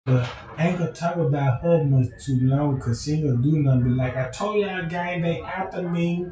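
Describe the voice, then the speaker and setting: A man's voice: a little high, moderate pace, dark tone, lo-fi sound. Profane, rambling man in an echoey room. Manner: profane, slang-heavy, repeats filler questions. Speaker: streamer telling a comic story. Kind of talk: rambling comic storytelling. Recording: roomy, from far off the mic, faint background noise.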